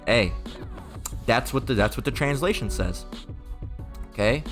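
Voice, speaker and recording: A man's voice: mid-range voice, lively intonation, unhurried, a bit bright, faint music behind. A man giving an informal sermon in a rambling, emphatic way, often profane and full of repeated filler tags. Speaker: preacher.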